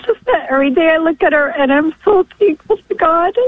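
A woman's voice: extremely high pitch, fairly quick, no room sound. A woman in her forties calling in from New York, emotional and tearful, apologizing as she speaks. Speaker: caller. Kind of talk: phone-in call. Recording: tinny dry phone line.

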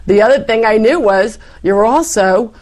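A middle-aged woman telling her personal faith story in conversation, animated and acting out her past self. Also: a little high, normal speed. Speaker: interview guest.

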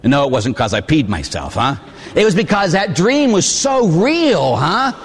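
A Catholic priest from Pittsburgh preaching a storytelling sermon, animated, acting out voices and shouting at the peaks. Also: male voice, on the high side, moderate pace, slightly rough. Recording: long hall reverb.

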